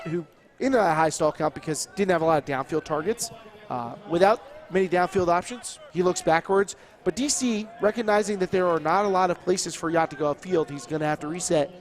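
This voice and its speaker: High-voiced analytical male commentator. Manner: analytical, breaks plays down step by step; wordy, with frequent restarts and fillers. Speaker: color commentator. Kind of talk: sports color commentary.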